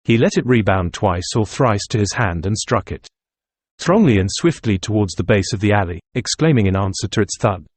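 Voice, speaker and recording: Husky low-voiced male narrator. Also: lively intonation, no room sound. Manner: measured, literary reading. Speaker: audiobook narrator. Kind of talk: scripted narration.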